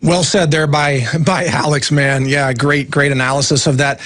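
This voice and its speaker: Guy on talk radio doing news bits, kinda sarcastic and animated, a bit high. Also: normal speed. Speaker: radio co-host.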